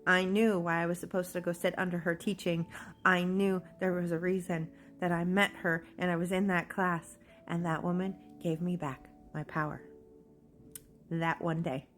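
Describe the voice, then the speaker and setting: A woman's voice: on the low side, level tone, normal speed, faint music behind. A woman sharing a personal testimony, telling her own story in an earnest, emotional way.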